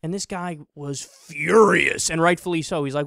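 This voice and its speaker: Male commentator with a high voice and a mocking, swearing rant, recorded dry. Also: normal speed, creaky, fairly bright tone, dry recording. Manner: sarcastic, mocking, profane rant. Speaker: political commentator. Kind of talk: online political commentary.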